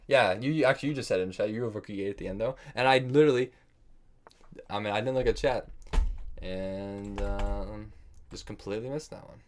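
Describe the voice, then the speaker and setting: A brisk, lowish male voice, with a faint hiss or hum in the audio, narrates a casual online chess stream. The American player muses about each move, scolds himself for mistakes, and kids around with viewers.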